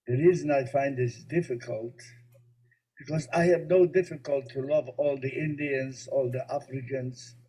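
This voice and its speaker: Giving a spiritual lesson at a relaxed, normal pace, a rabbi lays out ideas patiently and tells small, gently funny stories. His medium-pitched voice is mellow and dark with a breathy edge and fairly even intonation, though the audio quality is poor.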